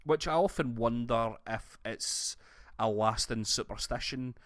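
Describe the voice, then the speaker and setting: A Scottish man co-hosting a podcast, telling stories in a sweary, animated way. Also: medium pitch, unhurried, no echo, clean studio sound. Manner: sweary, animated storytelling with laughs. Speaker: podcast co-host. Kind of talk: casual chat.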